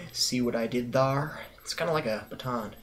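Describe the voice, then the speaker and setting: A teenage guy hosting a casual vlog from his bedroom, rambling and joking at his own expense, with long drawn-out pauses. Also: medium pitch, fairly bright tone, a little hiss or hum. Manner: rambling, jokey, self-deprecating, with drawn-out pauses. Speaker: vlog host.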